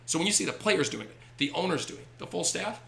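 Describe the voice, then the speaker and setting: A baseball team owner tells stories with lots of energy on a podcast, his voice high, fast and creaky. He's animated throughout and acts out the voices in his anecdotes.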